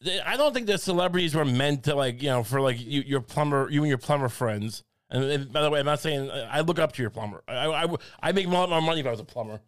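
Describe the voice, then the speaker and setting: A man riffing loosely on a podcast, his talk full of restarts and self-mocking asides. His voice is smooth and resonant and sits a little high for a man. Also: lively intonation, quick pace, few pauses. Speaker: podcast co-host. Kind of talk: casual comedic chat.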